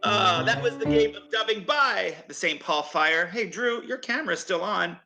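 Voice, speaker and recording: A man's voice: high-pitched, normal speed, music in the background. A man refereeing and hosting an improv match over a video call, upbeat and chatty. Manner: upbeat, chatty, laughs often. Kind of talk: game announcing.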